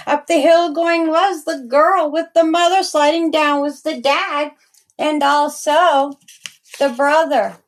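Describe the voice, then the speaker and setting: A woman reads her own rhyming children's story aloud, lingering on each line in a sing-song storytelling rhythm. Her voice sits high and her pace is slow and careful. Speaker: storyteller and author.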